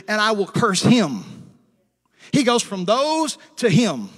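A man's voice: sits high, a bit bright, long reverb tail. A male pastor preaching a sermon, stretching out scripture quotes and calling for amens from the congregation. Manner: preachy call-and-response with amens and hallelujahs; slows down to stress scripture quotes.

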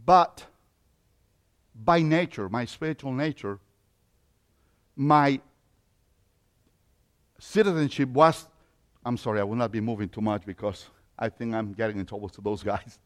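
A man in his fifties from Mexico, with a Mexican Spanish accent, preaching a sermon as pastor, moving from quiet reflection to loud emphatic points. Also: mid-range voice, measured pace, pauses often. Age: 50s.

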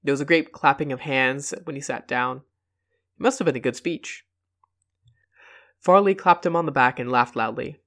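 A man reads a short story aloud at a mid-range pitch. He narrates steadily and lifts the quoted lines with extra emphasis. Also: moderate pace, long pauses, a bit bright. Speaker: reader.

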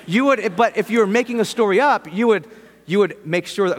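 A man's voice: high-pitched, animated, a little fast, long reverb tail. A man preaching in a church, casual and conversational, with humorous asides. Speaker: pastor. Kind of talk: sermon.

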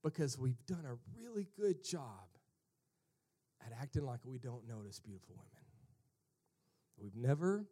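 A male pastor preaching a sermon, swinging from loud emphatic calls to hushed, almost whispered lines and acting out characters in mocking voices. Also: mid-range voice.

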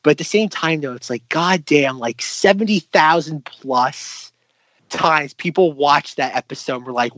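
A man's voice: on the high side, unhurried, a bit bright, no echo, highs cut off. A man co-hosting a podcast in playful casual chat, swearing casually. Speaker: podcast co-host.

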